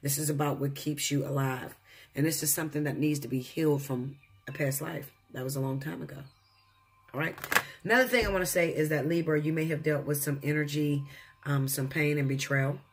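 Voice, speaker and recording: A man's voice: a little high, fairly even intonation, fairly quick, soft background music. A man giving a casual tarot reading to his viewers, blunt and profane, lecturing them. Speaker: tarot reader.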